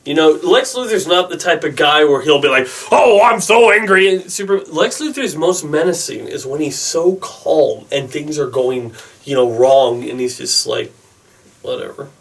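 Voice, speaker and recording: Young guy ranting about movies, kinda high voice, excitable, mic a bit far off. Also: moderate pace. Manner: chatty, excitable, rambling with asides. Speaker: movie vlogger. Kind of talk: casual opinion vlog.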